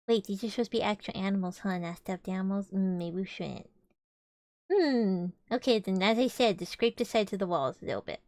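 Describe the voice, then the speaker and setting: A woman's voice: medium pitch, lively intonation, fairly quick, a little mellow, dry recording, studio quality. A young woman streamer reading a children's book aloud, breaking off for playful, musing asides. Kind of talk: casual storybook reading with chatty asides. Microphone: streaming microphone.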